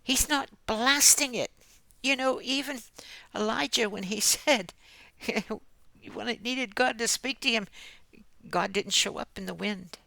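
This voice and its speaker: Slow, gravelly older woman, gently preaching. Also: fairly high pitch, dry recording. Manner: gentle, often drops to a whisper; earnest, with soft laughs. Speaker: Christian speaker. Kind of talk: devotional message.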